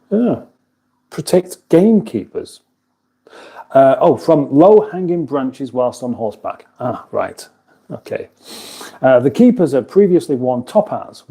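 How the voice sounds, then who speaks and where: A man rambles through a relaxed livestream in his kitchen, talking in a very dark, mellow voice. He chuckles easily, stops to restart his sentences, and reads out viewer comments as he goes. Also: mid-range voice. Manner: rambling, chuckling, self-interrupting. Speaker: livestream host. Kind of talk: casual livestream chat reading viewer comments. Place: home kitchen.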